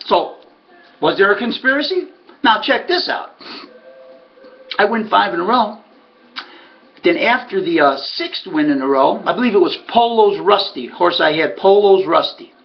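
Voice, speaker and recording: A man's voice: high voice, expressive, normal speed, creaky, pauses often. A man, a former harness racing trainer, telling a story and acting out other people's lines. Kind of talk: storytelling monologue. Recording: muffled lo-fi recording.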